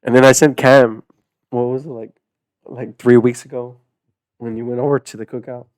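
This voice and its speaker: A man's voice: medium pitch, level tone, moderate pace, darkish tone, no echo, studio quality. A young man, a guest on a podcast, telling stories in a rambling, casual way full of fillers and laughter. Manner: rambling storyteller, many fillers, laughing often. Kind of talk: casual chat.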